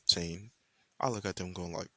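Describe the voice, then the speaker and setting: A man's voice: deep voice, fairly even intonation, moderate pace, bright, forceful tone, no echo. A young man improvising a fan-fiction story in a casual, rambling, profane way, full of slang.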